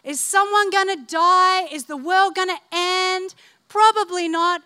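A woman's voice: very high-pitched, unhurried. A woman preaching a sermon, telling funny stories, laughing along and calling on the congregation to respond. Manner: animated, humorous, laughing through stories. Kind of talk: sermon with storytelling.

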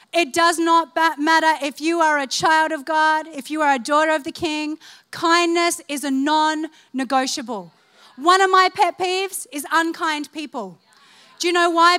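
A woman preaching a sermon, telling funny stories, laughing along and calling on the congregation to respond. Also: very high voice. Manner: animated, humorous, laughing through stories. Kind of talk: sermon with storytelling.

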